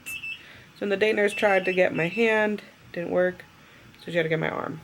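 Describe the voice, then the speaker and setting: Tired young woman chatting, slightly gravelly. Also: on the low side, fairly even intonation, moderate pace, background noise. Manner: chatty, rambling with many fillers. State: tired and drowsy after surgery. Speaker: vlogger. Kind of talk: casual storytelling vlog.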